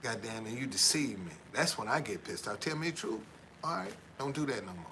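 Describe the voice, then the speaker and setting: A man's voice: medium pitch, animated, a little fast, pushed and bright, a little hiss or hum, low-quality recording. A middle-aged man chatting casually on a livestream, rambling and repeating himself, tagging his lines with "man" and earnestly preaching about honesty. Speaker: tour guide and former van driver.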